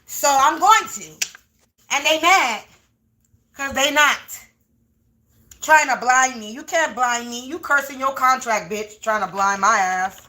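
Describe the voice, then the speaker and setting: A woman reads tarot live from home. Her voice sits high and sounds bright. She curses often and swings between low, muttered asides over her cards and loud shouts at people she thinks are against her. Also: lively intonation, takes it slowly, pauses often. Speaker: tarot reader on a livestream. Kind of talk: livestream tarot reading, ranting. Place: home room.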